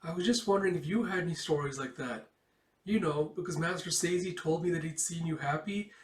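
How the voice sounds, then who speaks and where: A man voicing a timid young girl full of guilt, in a high, pleading child's voice, as he reads a comic aloud. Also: brisk, natural voice. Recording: roomy, distant mic.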